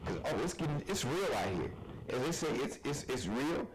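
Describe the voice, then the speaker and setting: A man's voice: mid-range voice, very animated, normal speed, noisy background. A man hosting a live online talk show, delivering a passionate, preachy monologue. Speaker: host.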